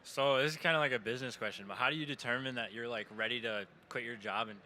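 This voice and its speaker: A man's voice: mid-range voice, fast, pushed and bright. A man in the audience hesitantly asking a business question.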